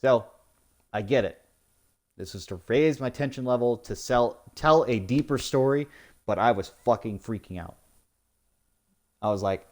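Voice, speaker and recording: A man's voice: mid-range voice, measured pace, long pauses. Exasperated, swearing young male gamer. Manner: swearing often, exasperated, mocking in put-on quotes. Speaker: gaming YouTuber. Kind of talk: post-game commentary rant.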